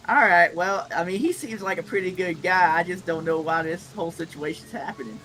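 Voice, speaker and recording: Slangy chill dude at the game table, kinda high voice, music going. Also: male voice, brisk, bright, forceful tone, rough recording. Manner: laid-back, slangy. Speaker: player. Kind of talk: casual tabletop play.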